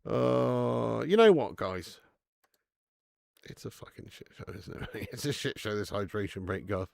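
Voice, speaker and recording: A man hosting a football watch-along stream, swearing often and bantering with his chat in bursts of excitement. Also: on the low side, a little slow, vocal fry, no echo, studio quality. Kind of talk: casual live-stream chat.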